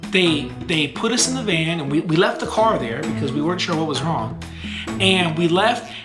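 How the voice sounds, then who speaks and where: A woman vlogger telling a family story in a casual, animated way, full of fillers and restarts. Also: low voice. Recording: echoey room with music behind.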